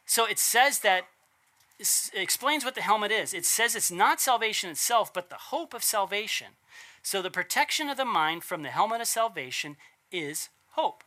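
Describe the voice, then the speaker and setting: A man's voice: high voice, expressive, normal speed, pushed and bright. A man preaching a casual, conversational sermon, asking rhetorical questions and correcting himself as he goes. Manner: chatty, asks rhetorical questions, self-corrects.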